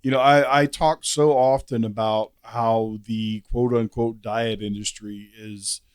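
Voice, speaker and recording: Relaxed male podcast host, dry sound. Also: on the low side, a little slow, clean tone, no room sound. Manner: relaxed, frequent affirming murmurs. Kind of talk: casual podcast conversation.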